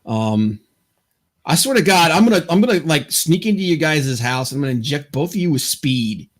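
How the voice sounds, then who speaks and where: A man's voice: fairly high pitch, lively intonation, moderate pace. Rambling, stammering podcast host man. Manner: rambling, stammering, lots of fillers. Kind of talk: casual chat.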